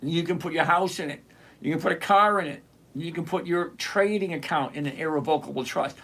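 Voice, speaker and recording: High-voiced man hosting a live trading stream. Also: gravelly, a bit bright. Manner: chatty, teasing, greets viewers by name, slows down to explain. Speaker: livestream trading show host. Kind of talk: live-stream chat answering viewer comments.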